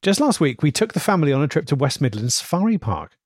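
Slightly high man, dry sound. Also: very animated, fast talker, no echo. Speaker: podcast co-host reading listener email. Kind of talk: comedic banter and reading aloud.

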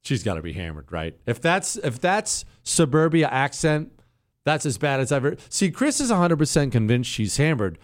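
A man hosting a talk show, giving sarcastic, animated commentary and bantering with his producer. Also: mid-range voice, moderate pace. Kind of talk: opinionated radio-style commentary.

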